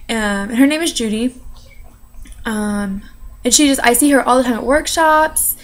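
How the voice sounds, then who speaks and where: Chatty young woman, slightly high voice. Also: moderate pace, long pauses. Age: young adult. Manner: chatty, many fillers and "you know". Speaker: interpreting student. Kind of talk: casual personal account.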